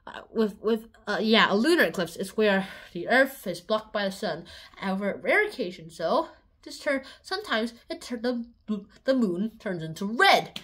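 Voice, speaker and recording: A woman's voice: medium pitch, big pitch swings, normal speed, fairly bright tone, husky. A woman narrating a science explainer in a playful way, breaking into little songs and silly voices. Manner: playful, jumps into sung bits and silly voices. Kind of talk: playful educational video narration.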